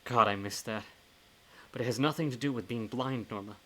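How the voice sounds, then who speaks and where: A man's voice: medium pitch, brisk, a bit bright, close to an everyday voice. A man reading aloud the lines of a weary, self-doubting blind man during a live reading of a horror novel. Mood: despondent.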